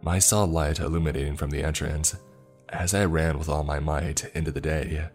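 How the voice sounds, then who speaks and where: A man narrating a scripted horror story in a steady, measured telling, over faint music. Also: rumbling low.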